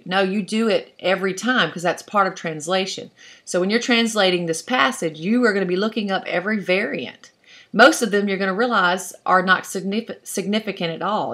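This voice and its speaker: A woman's voice: mid-range voice, fairly quick, fairly bright tone. A woman teaching an online class, explaining step by step in a patient way and thinking aloud as she goes. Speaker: Hebrew instructor.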